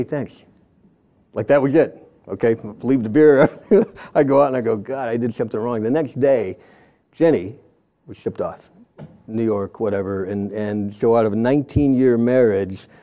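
A middle-aged man speaks in a low, mellow voice. He tells his story casually and frankly as an interview guest, wandering off mid-sentence and acting out other people's lines as he goes. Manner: rambling, self-interrupting, quotes others in passing. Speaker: former church member interviewed as guest. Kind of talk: candid conversational storytelling.

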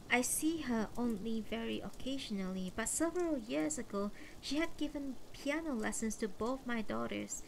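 A woman reading a novel aloud on a livestream, in calm, measured first-person narration. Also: a little high, creaky, a little hiss or hum, rough recording. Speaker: audiobook reader on a livestream.

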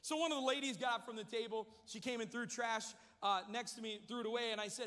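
A man preaching a sermon, telling a humorous story with lively energy in a large church. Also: very high voice, fast, few pauses, in a large hall. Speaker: pastor.

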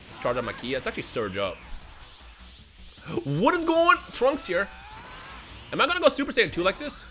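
A young man giving casual, joking commentary on a game he is playing, with sudden loud outbursts and slang. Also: high-pitched, sing-song, moderate pace, pauses often. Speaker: gaming video creator. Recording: voice over game music.

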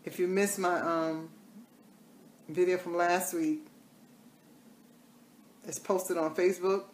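Woman, makeup vlogger, casual live chat, lowish voice, faint hiss behind. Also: fairly even intonation, slow pace, reverberant. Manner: chatty, repeats catchphrases in a sing-song way.

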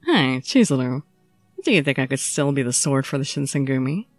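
A brooding young swordsman, weakened by illness, speaks low and subdued with a wry edge, as a woman narrator puts him on. The voice sits dry and close to the mic. Soft music plays underneath. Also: very animated, moderate pace, creaky, no echo, full character voice. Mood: reflective. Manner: low, subdued, teasing drawl. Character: young male samurai, ill, wry and brooding.

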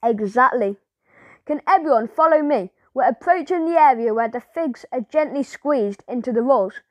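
A woman's voice: high-pitched, animated, moderate pace, dry recording. A woman playing a stern, polite tour guide. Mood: formal.

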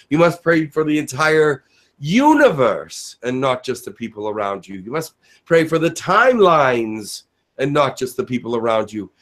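A man channeling spirit Elijah, slow preaching. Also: mid-range voice, close to an everyday voice. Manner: slow, preaching cadence with dramatic pauses. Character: Elijah, a male spirit giving a solemn message.

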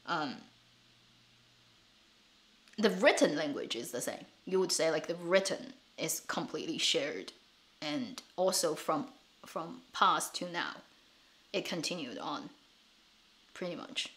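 A woman's voice: deep voice, lively intonation, takes it slowly, pauses often, fairly bright tone. A woman, chatting casually on her live stream, laughing often and repeating words as she thinks. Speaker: streamer and show host.

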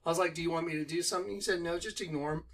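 Excitable high-voiced man preaching. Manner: excited, rapid rhetorical questions. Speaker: online preacher.

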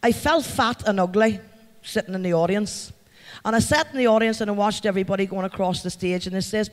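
A man's voice: high-pitched, animated, brisk. A man with a Northern Irish accent giving a heartfelt, chatty acceptance speech to a live audience and thanking people by name. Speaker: award recipient addressing a company event. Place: large event hall. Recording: long hall reverb.

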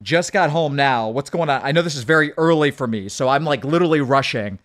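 A man hurriedly commenting on a live racing game stream and chatting with his viewers. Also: fairly high pitch. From United States. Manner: hurried, excitable, chats with viewers.

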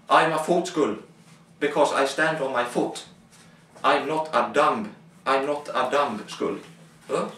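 A young man talks slowly in a rambling, halting comic monologue, often breaking off to exclaim to himself. His voice sits a little high for a man, and he sounds set back from the mic in an echoey room. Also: a bit bright. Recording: roomy, from far off the mic.

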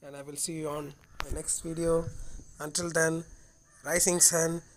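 A man's voice: a little high, level tone, a little slow, slight background noise. A man hosting a gaming channel, giving gameplay commentary while he swears, vents his frustration and apologizes to viewers. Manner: frustrated, swearing, venting openly.

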